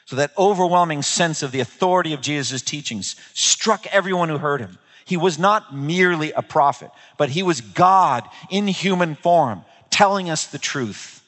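A man's voice: on the high side, very animated, moderate pace, fairly bright tone. A man preaching a sermon, emphatic and repeating key phrases for weight, dropping into quoted voices. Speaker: pastor. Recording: long reverb of a large hall.

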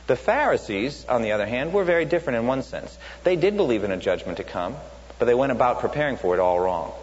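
A man's voice: medium pitch, lively intonation, quick pace. A man preaching a sermon in an emphatic way, often asking rhetorical questions. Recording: dull echoey hall with faint hum.

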